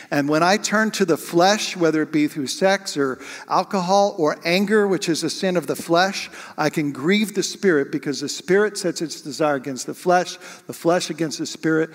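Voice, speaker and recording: A man preaching as a pastor, talking conversationally and asking the congregation questions. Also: fairly high pitch. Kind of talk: sermon. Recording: long hall reverb.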